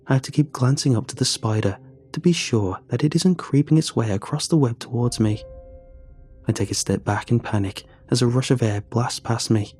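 A man tells a first-person horror story in a measured, suspenseful read. His voice is low and mellow, with a dark, soft tone, and faint music plays behind him. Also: husky.

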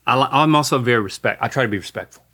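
A man co-hosting a casual chat, playful and excitable, quick to joke. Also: mid-range voice. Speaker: podcast co-host.

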